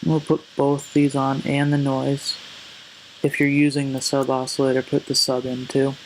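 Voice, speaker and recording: A man giving a casual music production tutorial, relaxed and hesitant, often correcting himself as he goes. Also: medium pitch, moderate pace, a little hiss or hum, poor audio. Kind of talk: casual screen-recorded tutorial. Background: faint synth sounds.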